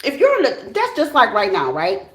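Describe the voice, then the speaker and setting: A woman's voice: on the high side, huge pitch swings, normal speed, reverberant. An American woman giving a casual tarot reading, talking bluntly and animatedly, with plenty of slang and swearing. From United States. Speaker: tarot reader.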